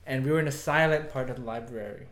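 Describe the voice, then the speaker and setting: A man's voice: mid-range voice, fast talker, fairly bright tone, echoey room. A young man telling a rambling story in casual chat, filling his talk with "like" and laughing often.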